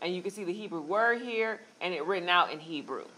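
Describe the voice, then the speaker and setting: A woman teaching a Bible study class, walking listeners through on-screen steps in a relaxed, conversational way with filler words. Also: on the low side, quick pace.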